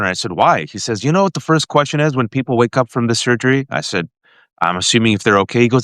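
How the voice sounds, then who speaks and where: A man in a podcast interview tells a deeply personal story with emotional intensity. He talks in a lively, animated way, stumbling and restarting as he goes. His voice sits at an ordinary middle pitch, and the sound is dry and close. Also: fast talker, dry recording. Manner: animated, emotional, frequent restarts and direct address to the guest. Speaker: podcast host. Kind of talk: heartfelt personal storytelling to a guest.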